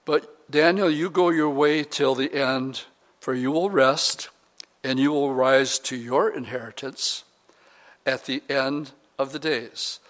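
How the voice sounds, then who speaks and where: A man's voice: mid-range voice, slow pace, fairly bright tone, in a large hall. A man, a pastor, preaching a sermon to his congregation and reading scripture aloud with rising emphasis.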